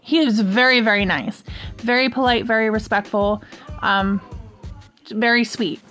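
A woman's voice: a little high, steady tone, unhurried, fairly bright tone, faint music behind. A woman hosting a podcast, telling a personal story in a casual, rambling way full of "um" and "like". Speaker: podcast host.

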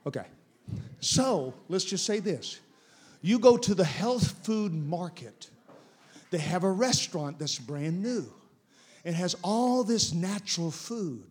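A man, a guest pastor, preaching a sermon in an animated, repetitive way, going through steps one by one. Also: high-pitched, unhurried, long pauses. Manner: animated, repetitive step-by-step demonstration.

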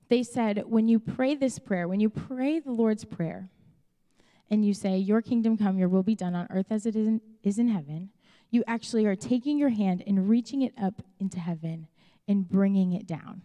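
A woman's voice: mid-range voice, moderate pace, mellow. A young woman pastor with a Chicago accent, preaching a sermon in a candid, conversational way and acting out her own asides. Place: church auditorium. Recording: long hall reverb.

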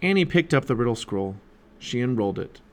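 A man's voice: medium pitch, a little fast. A man narrating a children's chapter book aloud for his family. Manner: animated storytelling. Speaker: storybook reader.

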